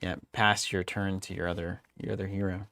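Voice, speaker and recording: A young man with a fairly low voice, chatting casually on a game livestream. He jokes freely, riffs on side topics, and calls out viewers in the chat by name. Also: brisk, vocal fry. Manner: joking, animated, greets chat viewers. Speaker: stream co-host.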